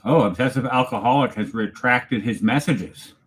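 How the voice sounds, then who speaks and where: A man from Canada hosting a casual livestream, chatting with viewers and reading their comments aloud in a relaxed way, chuckling as he goes. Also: medium pitch, moderate pace. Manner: laid-back, chuckling, talks to viewers by name. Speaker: channel host reading live chat. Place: home, alone for the evening.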